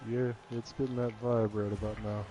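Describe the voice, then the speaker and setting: Low-voiced, laid-back male co-commentator. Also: normal speed, music in the background, rough recording. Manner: relaxed, agreeable, brief replies. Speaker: co-announcer. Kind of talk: esports color commentary.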